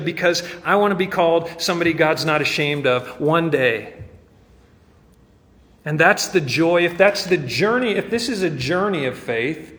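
A man's voice: a little high, expressive, normal speed, a bit bright, big-room sound. A man preaching a sermon as pastor, earnest and rising to fervent emphasis.

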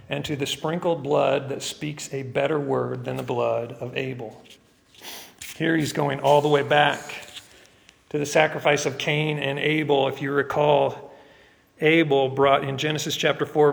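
A man's voice: mid-range voice, vocal fry, in a large hall. A man preaching a sermon as pastor, with joking asides that build into emphatic preaching.

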